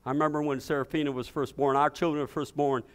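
A pastor preaching an impassioned sermon, swinging between loud declarations and hushed, intimate passages. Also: male voice, fairly high pitch, flat delivery, fast talker, clean tone.

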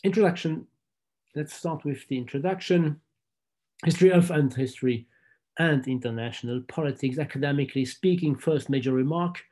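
French-accented professor with a mellow voice. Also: male voice, on the high side. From France. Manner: measured, with frequent fillers and restarts. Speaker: university lecturer. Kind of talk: academic lecture.

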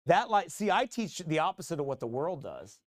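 A middle-aged man, a pastor preaching a fiery, combative sermon that rises to shouts. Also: a little high, big pitch swings, moderate pace, no echo. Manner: combative, mocking, repeats phrases, rising to shouts.

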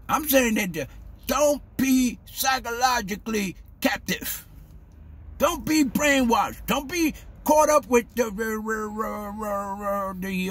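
Husky, animated man preaching casually. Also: very high-pitched. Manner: animated and preachy, stammering repeated words; street-style grammar, says "man" and "baby". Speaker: vlogger. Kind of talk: casual spoken monologue.

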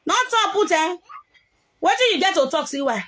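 Nigerian woman, high voice, heated live-video rant. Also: lively intonation, moderate pace, fairly bright tone. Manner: heated, scolding, mixing pidgin and local language.

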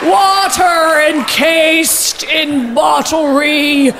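A woman doing an impression of an elderly woman poet with a grandiose, extremely slow and solemn cadence. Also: sits high, crowd noise, noisy background, exaggerated voice. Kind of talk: stand-up impression.

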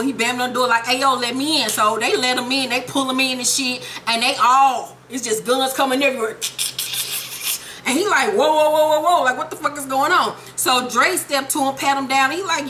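A young woman giving a profane, animated comedic recap of a TV episode and quoting the characters in quick voices. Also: sits high, a little hiss or hum. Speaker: TV show recapper.

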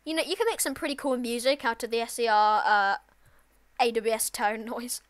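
Excitable high-voiced woman gamer. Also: normal speed. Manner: excitable, with sudden loud outbursts. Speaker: gaming channel host. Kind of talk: casual let's-play commentary.

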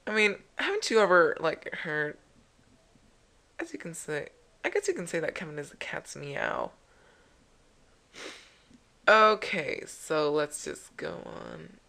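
A woman's voice: sits low, wildly swooping pitch, takes it slowly, gravelly, long pauses, sharp tone. A woman hosting a let's play, chatting casually and jokingly over the game. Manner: chatty, jokey, rambling. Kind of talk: casual gameplay commentary.

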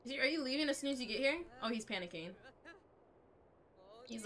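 Bright, excitable young woman streamer. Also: high voice, brisk, pauses often. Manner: chatty, excitable, reacts aloud. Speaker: game streamer. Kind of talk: live-stream gameplay chat with viewers.

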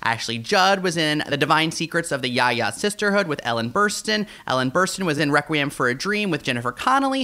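A man co-hosting a podcast, riffing in an animated way with many fillers. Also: on the high side, fairly quick, few pauses. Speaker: podcast co-host. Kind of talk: casual podcast chat.

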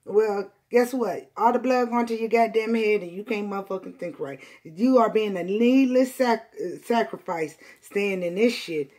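A woman reading tarot cards for her viewers, blunt and profane, repeating lines for emphasis and swinging between loud outbursts and quiet, emotional asides. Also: fairly high pitch, lively intonation, normal speed. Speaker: tarot reader.

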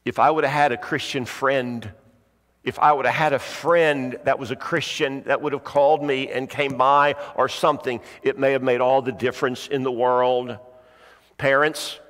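A middle-aged man preaching a sermon, urging his listeners with repeated phrases and the odd clearing of his throat. His mid-pitched voice rings out in a church sanctuary with a long, trailing reverb. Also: fairly even intonation, normal speed, a bit bright. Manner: earnest, repetitive exhortation with frequent throat clearing. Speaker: pastor.

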